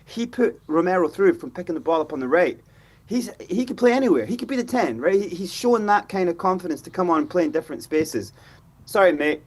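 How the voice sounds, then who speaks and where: Animated man, high and husky. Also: fast. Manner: animated, frustrated, acts out players' voices. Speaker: fan show host. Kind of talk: passionate football reaction chat.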